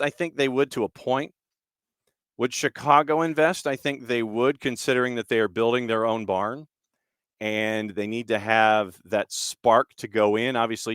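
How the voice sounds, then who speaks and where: A man's voice: mid-range voice, fairly bright tone, smooth, no room sound, clean studio sound. A man hosting a soccer talk show, giving casual, opinionated commentary and asking rhetorical questions. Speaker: soccer podcast host.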